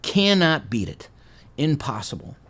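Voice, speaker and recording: A veteran man telling his own life story in a conversational way, with dry, deadpan humor, sometimes loud and animated, sometimes quiet and heavy. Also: on the high side, a little slow. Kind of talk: personal spoken testimony.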